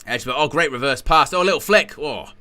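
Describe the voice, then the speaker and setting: A man's voice: medium pitch, animated, quick pace, pushed and bright. A man hosting a live football watchalong, commenting on the play in a casual, rambling way with jokey asides.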